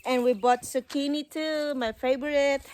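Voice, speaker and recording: Woman, somewhat high voice, chatty vlog talk, calls viewers guys. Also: steady tone, moderate pace, a little mellow. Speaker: vlogger. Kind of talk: casual garden vlog.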